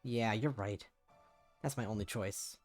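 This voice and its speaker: A man's voice: lowish voice, measured pace, faint music behind. A man streaming as he reads a visual novel aloud, narrating casually and dropping swearing asides.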